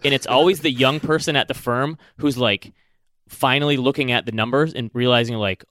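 Animated and chatty, a medium-pitched man co-hosting a podcast talks fairly quickly about a movie, acting out quotes along the way. The sound is clean studio audio with no room sound.

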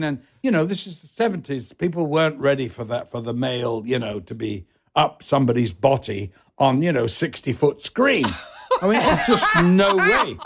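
Theatrical man with a lively, swooping voice. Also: mid-range voice, moderate pace, husky. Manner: animated, acts out other people's voices; swearing, theatrical. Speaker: guest. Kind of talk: anecdotal storytelling.

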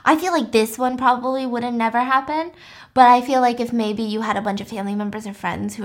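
A woman's voice: fairly high pitch, fairly even intonation, a little fast. A young woman casually retelling a story for a podcast, chatty and full of "like", acting out the quotes as she goes. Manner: chatty, lots of "like", acts out quotes.

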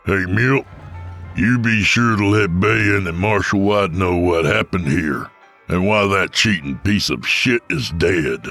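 A man voicing a menacing gunslinger killer with a gravelly voice. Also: low-pitched, slow pace, fairly bright tone, soft background music, heavily acted. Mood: commanding. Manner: threatening, snarling.

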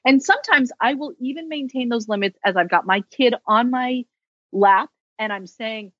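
A woman's voice: fairly high pitch, normal speed, a bit bright, dry recording. Candid chatty woman, dry lo-fi sound. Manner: candid, chatty, self-deprecating humor. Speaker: social worker, podcast guest. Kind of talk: casual interview conversation.

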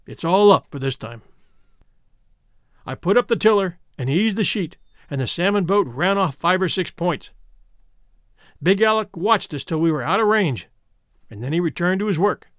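A man narrating a classic adventure story in an expressive, animated way. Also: sits high, normal speed, dry recording, studio quality. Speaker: audiobook narrator.

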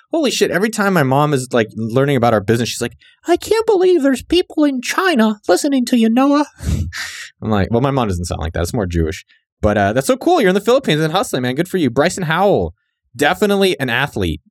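A young man runs through listener shout-outs with a playful, joking edge, his pitch leaping around as he riffs. The sound is dry and close, with no room around it. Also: no echo. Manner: joking, riffing, quick asides. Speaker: podcast host.

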